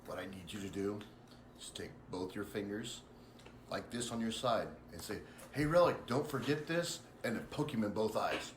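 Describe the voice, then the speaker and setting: Brief: lowish male player, patient teacher tone, roomy noisy recording. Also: fairly even intonation, normal speed, distant mic. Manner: mentoring, instructive. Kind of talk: tabletop game play. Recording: echoey room with background noise.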